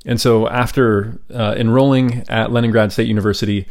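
A man's voice: fairly low pitch, fairly even intonation, fairly quick, darkish tone. A man hosting a history podcast, telling the story in a casual, conversational way with frequent ums and side remarks.

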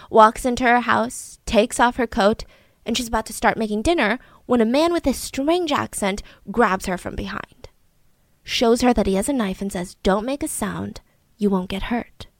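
A woman casually telling a true crime story in a chatty, animated way, acting out the quotes of the people in it. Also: on the high side, no room sound.

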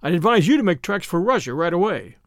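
A man reads the part of a bold young American in a storybook reading, breezy and slangy with an American drawl. The voice sits high and swings lively up and down. It is recorded close and dry. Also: fast talker, no echo. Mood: easy, wry.

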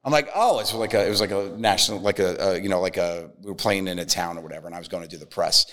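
A man's voice: low voice, rapid-fire, fairly bright tone. A man guesting on a podcast, chatting casually and acting out other people's voices in his stories. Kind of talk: casual storytelling chat.

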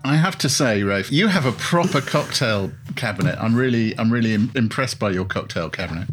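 A man hosting a relaxed interview over lunch, jovial and teasing, with quick asides. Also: fairly low pitch, music in the background. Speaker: podcast host, interviewer. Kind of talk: casual interview chat.

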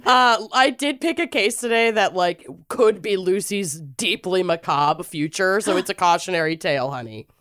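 A woman co-hosting a podcast in casual chat, giggly and animated, with a Minnesotan accent. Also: medium pitch, moderate pace, few pauses. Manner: giggly, animated, laughs often. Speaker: podcast co-host.

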